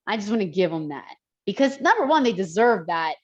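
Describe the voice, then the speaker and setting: A woman's voice: medium pitch, big pitch swings, brisk, muffled recording. A woman personal trainer talking in a podcast conversation, emphatic and heartfelt.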